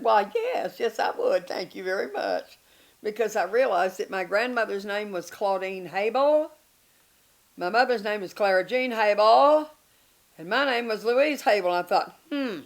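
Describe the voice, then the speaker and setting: An older woman, an interview guest, telling candid stories in a lively, self-mocking way and laughing between lines. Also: medium pitch, vocal fry. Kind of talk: candid storytelling chat.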